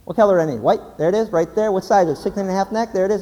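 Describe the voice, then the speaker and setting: High-voiced man preaching a joking sermon. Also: racing. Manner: animated, joking storyteller. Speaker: pastor. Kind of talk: humorous sermon. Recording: hall reverb, faint background noise.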